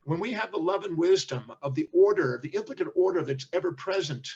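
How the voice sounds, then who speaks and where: An older man with a husky, somewhat high voice tells a story, acting out the voices of the people in it. The sound is muffled and lo-fi, like audio from a remote call. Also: fairly quick. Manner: animated storyteller, acts out quoted speech. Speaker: interview guest, seminar teacher. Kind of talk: storytelling in an interview.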